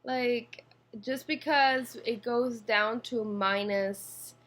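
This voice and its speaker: A woman's voice: fairly high pitch, very slow, a bit bright. A young Swiss woman with a Swiss accent, chatting casually to camera from her apartment, rambling with fillers and restarts, recorded on a computer mic. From Switzerland. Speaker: vlogger. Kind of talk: casual vlog talking to camera. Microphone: built-in computer mic.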